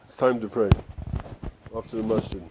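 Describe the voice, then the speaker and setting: A man's voice: on the low side, fairly even intonation, normal speed, background noise. A man teaching and telling a story in a conversational way, with asides and restarts. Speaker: Sufi teacher. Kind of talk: storytelling discourse. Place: study center.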